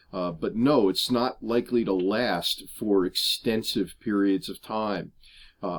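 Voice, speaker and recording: A middle-aged man vlogging casually about his RV travels, chatty and explanatory with frequent fillers. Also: medium pitch. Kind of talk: casual vlog talk to camera. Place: RV park outdoors.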